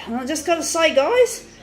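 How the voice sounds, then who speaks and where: Lady with a high voice cussing out big companies, angry, stumbling over her words. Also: very animated, a little slow, fairly bright tone. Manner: swears heavily, frustrated, restarts sentences. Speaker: small business owner ranting on video. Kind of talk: angry profane rant.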